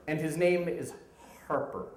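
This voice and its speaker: A man in his thirties telling a comic work story live on stage, animated, acting out the people in it. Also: on the high side, echoey room, low-quality recording. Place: stage in a venue.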